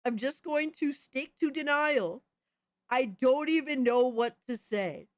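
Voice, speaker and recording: A woman streaming live, reacting to viewer videos with loud, exasperated, profane commentary and frequent shouts of disbelief. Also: high voice, unhurried, no echo. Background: music.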